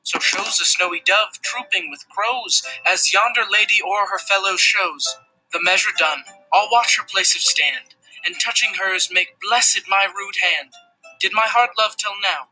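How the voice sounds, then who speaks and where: A man's voice: high voice, unhurried, sharp tone, soft background music, voice pushed up, heavily acted, poor audio. A man reading the lovestruck young Romeo in declamatory verse. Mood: awestruck.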